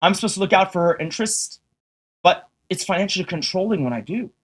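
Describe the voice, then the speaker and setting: A man's voice: high-pitched, lively intonation, quick pace. A man ranting to his livestream viewers, swearing heavily and firing rhetorical questions at them in an exasperated, combative way. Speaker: streamer.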